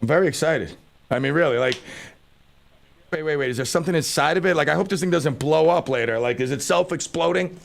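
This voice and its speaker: Gravelly man hosting a radio show. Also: on the high side, fast talker, a little hiss or hum. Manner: joking, self-mocking banter. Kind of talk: casual radio talk. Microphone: studio microphone.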